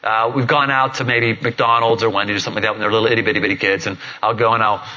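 A man's voice: on the low side, steady tone, rapid-fire, sharp tone. A middle-aged man, a pastor preaching a sermon in a conversational, jokey storytelling manner. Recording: dull lo-fi recording.

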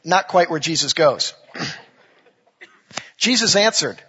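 A pastor delivers a sermon in a chatty way, dropping jokes and asides between scripture readings. His voice sits high and bright with a husky edge. The sound rings through a large church hall on a dull, lo-fi recording. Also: expressive, takes it slowly, pauses often. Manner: conversational preaching with jokes and asides.

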